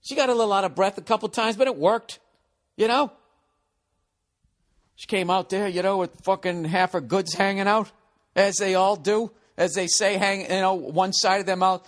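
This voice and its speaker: A man hosting a podcast, telling a profane, ranting comedic story with animated delivery. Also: sits high, moderate pace. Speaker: podcast host.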